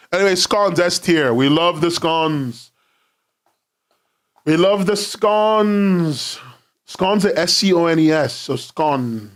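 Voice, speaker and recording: A young man streaming from his home in London, rambling casually, laughing often and swearing freely. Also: medium pitch.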